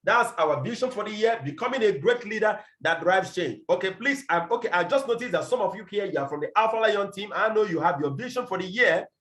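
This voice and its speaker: A man leading his business team in a forceful motivational talk, repeating his points and firing rhetorical questions over a video call. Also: sits high, expressive, fairly quick, hardly any pauses, reverberant. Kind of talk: motivational address to an online team meeting.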